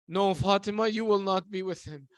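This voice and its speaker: Brief: grave sorrowful prophet in a sermon retelling, a man acts him out, high voice, dry sound. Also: a little fast, no echo, lightly acted. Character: sorrowful prophet comforting his family.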